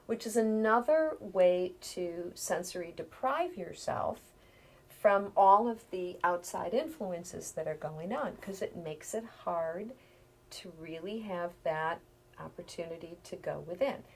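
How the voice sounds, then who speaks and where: A middle-aged woman, a healer, explaining things calmly in a conversational interview, sometimes dropping to a near-whisper. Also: fairly low pitch, a little slow.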